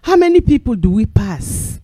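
High-voiced male preacher, dry sound. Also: normal speed, breathy edge, no echo. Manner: animated storytelling with acted quotes; repeats phrases for emphasis. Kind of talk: sermon.

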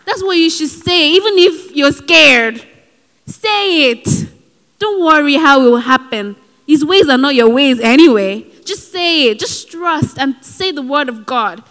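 A woman's voice: high voice, expressive, measured pace, fairly bright tone. A woman preaching a sermon in an earnest, exhorting way, with personal asides. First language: not given. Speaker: speaker at a Christian gathering. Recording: hall with long reverb.

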